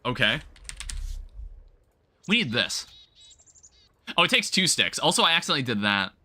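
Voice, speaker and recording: A man's voice: medium pitch, very animated, moderate pace, pushed and bright. A man livestreaming a game, chatting casually with viewers in a rambling, self-correcting way with the odd light swear. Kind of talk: casual gameplay commentary.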